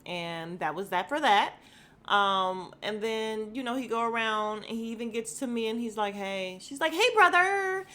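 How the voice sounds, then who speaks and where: A woman hosting a podcast, giving a sassy, blunt recap of reality show drama with mild profanity and quick mimicry of what people said. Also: medium pitch, steady tone, a bit bright. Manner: acts out quoted lines in bursts of mimicry. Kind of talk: casual recap commentary.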